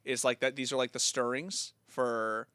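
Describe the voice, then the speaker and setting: A man with a bright, forceful voice talking loosely on an esports podcast, with swearing sprinkled in. The sound is dry and close to the mic. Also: medium pitch, flat delivery, smooth, no echo. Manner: swears casually, quick and loose. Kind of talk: casual esports chat.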